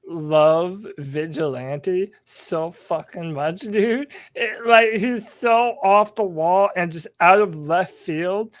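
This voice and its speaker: A man co-hosting a podcast in casual chat, excitable and peppering his talk with "dude.". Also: high-pitched, takes it slowly, few pauses. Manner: excitable, says "dude" often. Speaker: podcast co-host.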